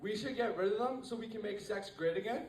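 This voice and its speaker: A man's voice: high-pitched, fast talker. A teenage man doing a rambling stand-up set, full of fillers and restarts, to a live room. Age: teens. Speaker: stand-up comedian. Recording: echoey room, mic far off.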